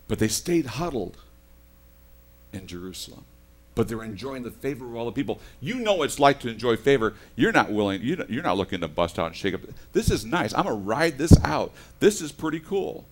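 Animated man preaching a sermon. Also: mid-range voice. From United States. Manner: animated, swinging from soft asides to loud emphatic bursts; conversational storytelling with self-corrections. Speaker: pastor.

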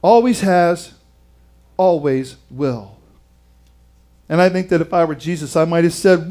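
Male pastor, high-pitched, dramatic sermon delivery with hushed emphasis. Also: normal speed. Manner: dramatic dynamics, dropping to hushed tones for emphasis; asks the audience questions.

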